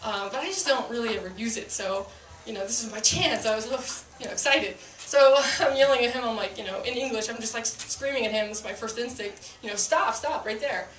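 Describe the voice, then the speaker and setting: A woman's voice: on the high side, brisk, a bit bright, reverberant, distant mic, a little hiss or hum. Woman telling a cop story to an audience. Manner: chatty, self-mocking, frequent laughter and fillers. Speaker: police officer telling a story.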